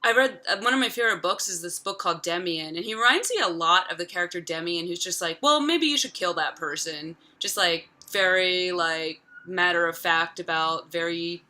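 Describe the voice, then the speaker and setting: A woman's voice: lowish voice, fairly quick, hardly any pauses, pushed and bright. A woman in her thirties casually retelling a film from memory, chatty and profane, full of filler words. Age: 30s. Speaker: vlogger.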